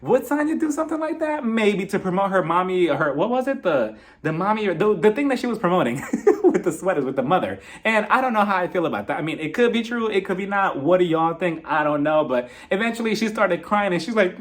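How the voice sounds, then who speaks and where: A man giving a casual, rambling recap of a reality TV reunion. He is sarcastic and animated, peppers his talk with "like" and "you know," and jumps up in pitch for emphasis. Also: brisk. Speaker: reality TV reviewer.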